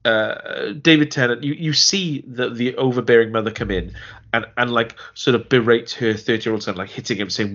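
A man's voice: medium pitch, fairly quick, pushed and bright. Rambling man on a muffled mic. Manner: rambling, restarts often, acts out quoted lines. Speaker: podcast co-host. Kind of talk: casual chat reviewing a TV series.

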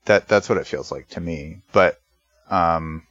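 A man in a casual game discussion, speaking haltingly and hedging his opinions. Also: low-pitched, a bit bright, no echo. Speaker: podcast panelist. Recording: dull, dry lo-fi sound.

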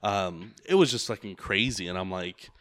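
A man's voice: low voice, normal speed, fairly bright tone, dry recording, clean studio sound. A man who drives for a rideshare service, telling a story in casual chat, rambling and profane with lots of filler words.

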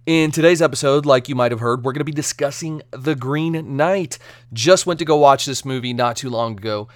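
A man hosting a casual solo podcast review, chatty and energetic, now and then slipping into silly joke accents. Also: medium pitch, brisk, no room sound. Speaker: podcast host.

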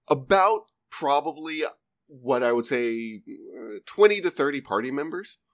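A man's voice: medium pitch, lively intonation, unhurried. A young man co-hosting a casual podcast, telling his points wryly and acting out little quotes. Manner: wry, storytelling with acted-out quotes. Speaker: podcast co-host. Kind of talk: casual chat.

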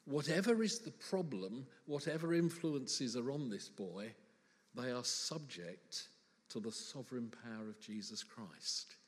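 A man's voice: medium pitch, unhurried, big-room sound. A man preaching a sermon in church, conversational and humorous, full of rhetorical questions.

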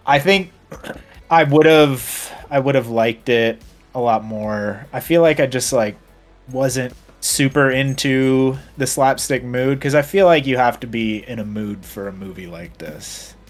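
A man's voice: mid-range voice, measured pace, faint music behind. A man co-hosting a podcast in casual chat, rambling with many fillers. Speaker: podcast co-host.

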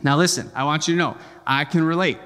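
A man's voice: a little high, steady tone, quick pace, a bit bright, smooth. Man preaching in a reverberant hall. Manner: conversational and joking, often checks in with "okay?". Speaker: pastor. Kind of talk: sermon.

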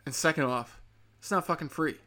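Brief: male host, sharp bright tone, profane sarcastic rant. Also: fairly high pitch, fairly quick. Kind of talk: ranting commentary.

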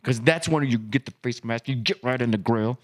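A man co-hosting a podcast, telling a coaching story in casual chat and acting out his own yelling in loud bursts. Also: medium pitch, fairly quick. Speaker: podcast co-host and youth football coach.

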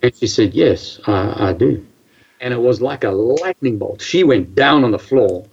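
A man telling a personal story in a casual, animated way, halting often and restarting his sentences. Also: mid-range voice, creaky, husky, highs cut off.

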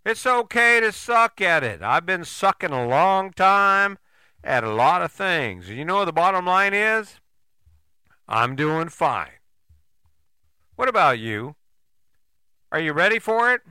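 Blunt older man, bright animated voice. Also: high-pitched, takes it slowly, pauses often, smooth, no echo. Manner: blunt, swearing, rhetorical questions. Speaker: podcast host. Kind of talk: motivational monologue.

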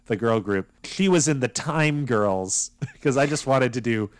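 A young man chatting casually as a podcast co-host, his voice sitting at an ordinary pitch. He rambles, restarts his sentences and keeps chuckling. The recording is close and dry. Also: animated, a little slow, clean tone, no room sound. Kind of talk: casual chat.

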